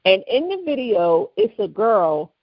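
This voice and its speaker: An animated woman, retelling a story to her co-host and slipping into the voices of the people in it. The sound is dry and a little dull, like a lo-fi studio mic. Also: mid-range voice, a little slow, no echo. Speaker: podcast co-host. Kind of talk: casual storytelling chat.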